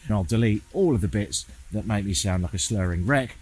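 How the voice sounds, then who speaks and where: A man's voice: fairly low pitch, animated, fairly quick, a little mellow, breathy edge. Guy walking around town filming his travel vlog, dry sarcastic jokes, voice swings up and down a lot. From England. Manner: sardonic, swearing, self-mocking asides. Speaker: travel vlogger. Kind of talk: casual travel vlog narration. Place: outdoors, walking through a town.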